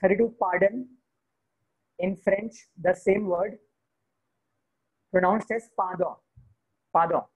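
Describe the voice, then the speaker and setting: Husky man teaching beginner vocabulary. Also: sits high, steady tone, darkish tone, low-quality recording. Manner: slow, repeats each word, switches to Hindi to explain. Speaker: French teacher. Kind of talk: beginner language lesson.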